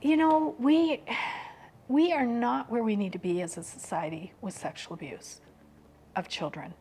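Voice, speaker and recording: A woman speaking as a podcast guest in an open, personal conversation. She talks softly and haltingly and often drops to a hushed near-whisper. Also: a little high, a little hiss or hum.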